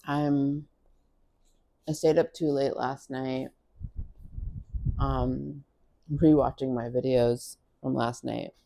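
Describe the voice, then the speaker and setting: A woman's voice: extremely low pitch, steady tone, slow, gravelly, pauses often, warm tone, no echo. Tired woman rambling while chewing. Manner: tired and rambling, self-deprecating. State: tired, eating while talking. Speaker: vlogger. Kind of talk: casual vlog chat. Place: home, getting ready to leave.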